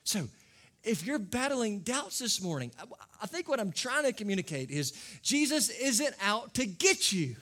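Animated preaching man, high and lively. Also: moderate pace, hardly any pauses. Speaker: pastor. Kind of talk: sermon. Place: church service with a congregation.

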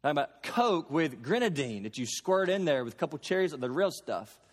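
A man from Kentucky delivering a sermon with slow, stressed phrases and plain homely examples. His voice sits fairly high for a man. The reverb of a long hall trails after each line. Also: sing-song, slightly rough. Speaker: pastor.

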